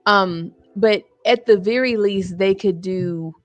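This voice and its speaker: A woman's voice: medium pitch, takes it slowly, no echo. A woman co-hosting a podcast, chatting casually and agreeably, easily amused. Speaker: podcast co-host. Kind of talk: casual wrestling predictions chat.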